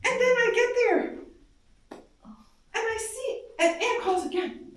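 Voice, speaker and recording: A woman giving an intense, emotional live reading of first-person dream monologues, moving between hushed and loud. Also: extremely high pitch, slow pace. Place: darkened live performance space. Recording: very echoey hall, voice from far off.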